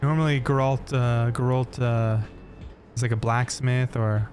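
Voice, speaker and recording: A man casually commentating his gameplay at an ordinary pitch, laughing often and trying out silly accents as he reads the dialogue aloud. Soft music plays faintly underneath his voice. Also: fairly even intonation, unhurried. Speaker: streamer.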